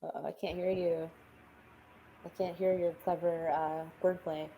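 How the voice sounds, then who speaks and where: A woman's voice: on the low side, flat delivery, measured pace, dull audio, slight background noise. A woman playing a tabletop game, bantering in character and hesitating through lots of filler words.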